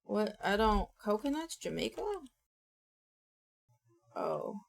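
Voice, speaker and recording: A woman's voice: mid-range voice, expressive, takes it slowly, creaky. A woman streamer chatting casually and thinking aloud, often mumbling to herself at a desk microphone. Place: home streaming setup.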